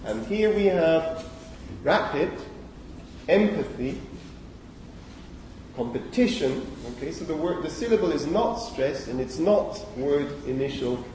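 A man gives a university lecture in an animated, mellow voice on the high side, talking at normal speed with hardly any pauses. He thinks aloud, full of okays and fillers, correcting himself as he proceeds. The echoey lecture hall recording is distant, with a little hiss or hum.

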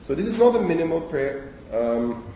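Lecturer in an echoey hall, heard from afar. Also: male voice, fairly high pitch, sing-song, moderate pace, mellow, recorded from a distance, slight background noise. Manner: thinking aloud, frequent okays and fillers, self-correcting. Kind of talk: university lecture.

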